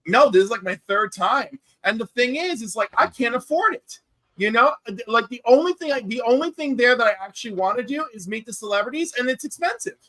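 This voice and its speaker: A man chatting casually on a panel, telling lively stories and acting out what people said. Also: extremely high pitch, fairly quick, dry recording. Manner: animated storyteller, acts out quoted voices. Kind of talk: casual chat.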